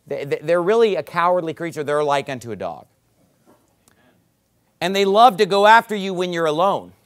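High-voiced preaching man, emphatic. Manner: emphatic preaching, rising loud on key words; quick asides to the congregation. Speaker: pastor. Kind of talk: sermon. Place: church service.

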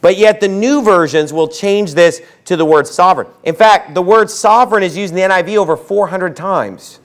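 A man with a high voice delivers a fiery sermon from the pulpit. He swings from low, quiet asides to loud outbursts, and he slows down hard whenever he quotes scripture. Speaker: pastor.

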